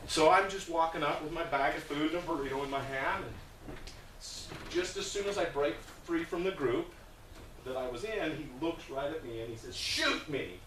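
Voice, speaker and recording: A man's voice: fairly high pitch, moderate pace, a bit bright, a little hiss or hum. A man giving a plainspoken, earnest storytelling talk to a group as a guest speaker, with hesitations along the way. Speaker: guest speaker about a volunteer food project. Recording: roomy sound from a distant mic.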